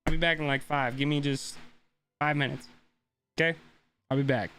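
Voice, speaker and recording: A man's voice: fairly high pitch, little pitch movement, moderate pace, sharp tone, a little hiss or hum. A young man streaming a game, ranting casually and swearing a lot as he talks to his chat. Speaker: gaming streamer.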